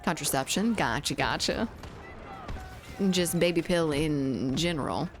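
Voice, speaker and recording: A woman's voice: deep voice, measured pace, a little hiss or hum. A woman from the southern United States with a mild Southern accent, chatting casually with her chat while streaming a game and often laughing.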